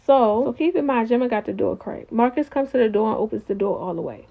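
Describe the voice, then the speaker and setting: A woman's voice: fairly high pitch, fast talker, creaky. A woman giving a casual, opinionated recap of a TV episode and talking straight to her viewers. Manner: chatty, opinionated, talks to viewers as y'all. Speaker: TV recap reviewer. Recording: tinny phone-like audio.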